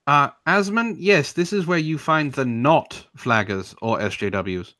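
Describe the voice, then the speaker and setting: A man's voice: on the high side, a little slow, pushed and bright, no echo. A man hosting a live stream, ranting in a confrontational, taunting way and answering chat, admitting he is getting heated.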